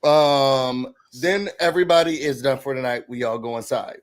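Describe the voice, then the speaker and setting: A man's voice: medium pitch, normal speed. A man co-hosting a podcast, casually recapping a reality show and acting out the cast's lines. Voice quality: animated retelling, acting out quotes.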